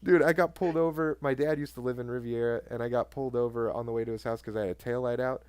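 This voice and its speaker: A man's voice: mid-range voice, fast, clean tone, no room sound. A man co-hosting a podcast, casually telling stories and swearing a lot. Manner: swears often, animated retelling of cop stories. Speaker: podcast co-host. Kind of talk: casual chat, storytelling.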